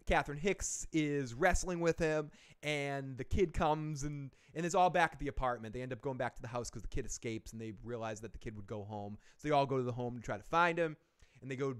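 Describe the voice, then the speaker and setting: A man hosting a live-stream movie review, retelling a plot in a rambling, animated way, with frequent self-corrections, swearing, and laughs at his own jokes. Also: medium pitch, a little fast, smooth. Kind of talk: casual rambling film recap.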